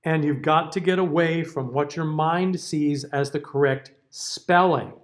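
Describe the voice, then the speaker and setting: A middle-aged man with a fairly high speaking voice, teaching a diction class for singers. He reads vowel word lists slowly and deliberately. He keeps checking in with his students. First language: English. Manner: checks in often with "okay?" and "all right?". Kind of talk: classroom lecture.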